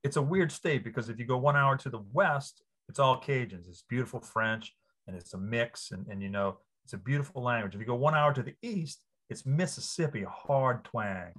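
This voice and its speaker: A man in his fifties from Louisiana, a sportswriter guest on an interview, telling stories with lively enthusiasm. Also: mid-range voice, brisk. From New Orleans area, Louisiana. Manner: enthusiastic, animated storyteller. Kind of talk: casual interview.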